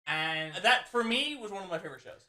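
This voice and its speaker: Bright, lively young man chatting. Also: high-pitched, brisk. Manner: animated storyteller, bursts into loud laughing shouts. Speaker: podcast host. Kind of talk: casual chat.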